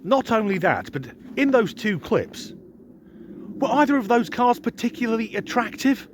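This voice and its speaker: A man's voice: very high-pitched, big pitch swings, normal speed, a little hiss or hum. A man delivering a sardonic, sweary comic rant to camera as a vlogger. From United Kingdom. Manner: sardonic, sweary, mock-incredulous. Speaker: comedy vlogger.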